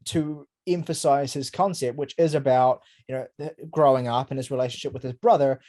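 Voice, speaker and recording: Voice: medium pitch, dark tone. A podcast co-host in casual album review chat, talking in an emphatic, rambling way with blunt swearing.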